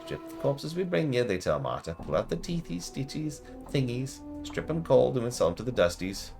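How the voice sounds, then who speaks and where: A man's voice: medium pitch, sing-song, normal speed, vocal fry, music in the background, voice pushed up. A man voicing a batty old female seamstress who strips corpses, crooning and repeating her words in a sing-song way. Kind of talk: reading game dialogue aloud.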